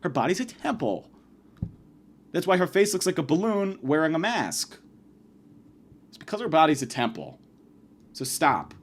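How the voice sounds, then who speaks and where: A man's voice: on the high side, big pitch swings, normal speed, long pauses. A man hosting a comedy podcast, telling stories in a profane, exasperated rant. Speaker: podcast host.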